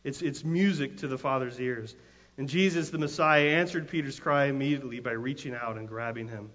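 This male pastor's sermon begins as a casual, restart-filled story and builds into passionate, emphatic shouting. He speaks at normal speed in a mid-range, slightly bright voice, recorded with a dull lo-fi quality and a long hall echo.

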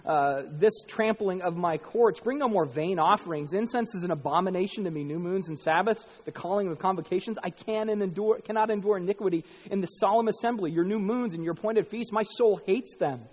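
Animated preacher in an echoey hall. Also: male voice, high voice, a little fast, hardly any pauses. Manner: animated, swings from hushed to loud and emphatic. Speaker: pastor. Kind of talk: sermon.

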